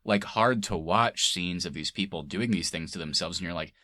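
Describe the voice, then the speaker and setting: A young man co-hosting a podcast, chatting casually about movies, laughing often and mimicking characters in a high voice. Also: normal speed, bright, forceful tone, no echo, studio quality. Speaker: podcast co-host. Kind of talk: casual movie review chat.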